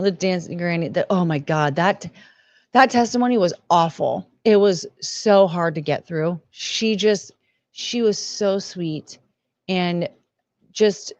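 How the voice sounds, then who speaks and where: A woman's voice: lowish voice, a little mellow, dry recording. Rambling, emotional woman streamer. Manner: rambling, emotional, swears freely. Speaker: livestream host. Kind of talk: casual livestream commentary.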